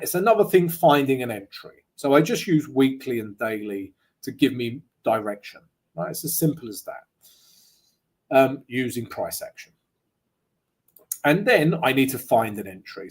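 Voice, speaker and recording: Husky and darkish in tone, this medium-pitched man is a trading analyst giving a live market analysis walkthrough. His style is casual and chatty, with frequent "right?" tags and jokes.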